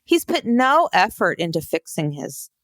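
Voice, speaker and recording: A woman's voice: fairly low pitch, very animated, measured pace, a bit bright, no echo, studio quality. Exasperated woman podcast co-host. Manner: exasperated, sarcastic. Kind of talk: casual chat.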